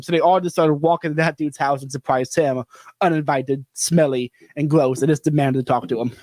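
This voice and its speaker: A man's voice: a little high, fast talker, no echo. A man hosting a podcast, telling stories animatedly and laughing often in casual conversation. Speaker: podcast host.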